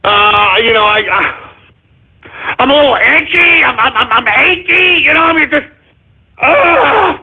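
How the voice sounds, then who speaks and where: A man's voice: very high voice, expressive, a little slow, gravelly, long pauses, phone-quality sound. A male radio show host in a call-in monologue, stammering, pleading with listeners and repeating himself in exasperation. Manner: pleading, addresses listeners as folks.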